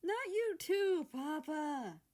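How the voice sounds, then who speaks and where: A woman's voice: mid-range voice, expressive, a little slow. A woman voicing a flustered, embarrassed young man brushing off his family's fussing, in a fan fiction reading. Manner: flustered, exasperated.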